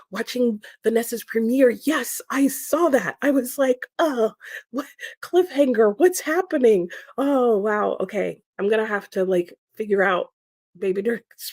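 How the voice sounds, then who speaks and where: A woman with a slightly high, steady voice speaks unhurriedly on a dry recording. Hosting a livestream, she casually reads viewer comments aloud, still sleepy, giggling and tripping over her words.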